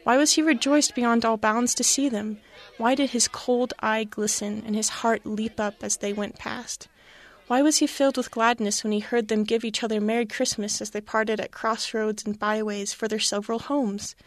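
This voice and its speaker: Gravelly woman reading a classic story. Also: on the high side, normal speed. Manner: expressive, dramatic narration.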